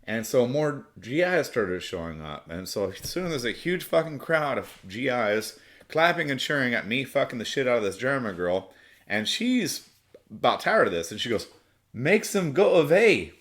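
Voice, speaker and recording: A middle-aged American man hosting a podcast tells a crude, profane personal story casually, rambling and restarting. His mid-range voice is a bit bright, with big pitch swings and normal speed.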